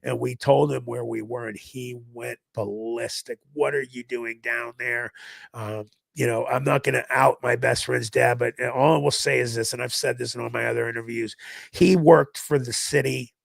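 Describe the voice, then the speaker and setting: Gravelly man telling a story. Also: medium pitch, normal speed, no room sound. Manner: animated storytelling, acting out others in raised voices. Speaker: podcast guest. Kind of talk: recounting a personal story.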